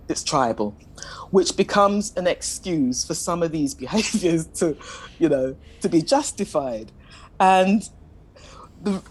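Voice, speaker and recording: A woman speaking as a panelist in a discussion, measured and questioning, often admitting she is ready to be corrected. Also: low-pitched, poor audio. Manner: measured, questioning, self-deprecating.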